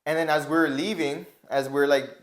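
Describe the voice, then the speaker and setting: A man's voice: a little high, steady tone, brisk. Young man, raised voice, casual profane storyteller, filler-heavy, echoey room. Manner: rambling, profane, many "like" fillers, acts out quotes loudly. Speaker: army recruit telling a story.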